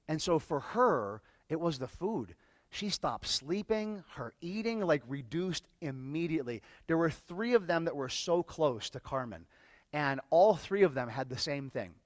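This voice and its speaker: Male workshop speaker with a slightly high voice, telling a personal story to a room in a halting, emotional way. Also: no echo. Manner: emotional, halting, repeats words. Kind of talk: personal storytelling to a live audience.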